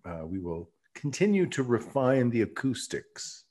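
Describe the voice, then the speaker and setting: A middle-aged man co-hosting a podcast from his newly set-up home studio, talking in a relaxed way and sounding warmly enthusiastic. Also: medium pitch, measured pace. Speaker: podcast co-host. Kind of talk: casual podcast chat.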